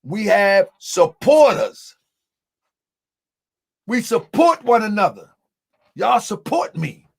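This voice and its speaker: A man's voice: high voice, big pitch swings, slow pace, creaky, pauses often, slightly rough. A man hosting an online show, talking casually to viewers he calls family and laughing often. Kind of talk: casual livestream talk.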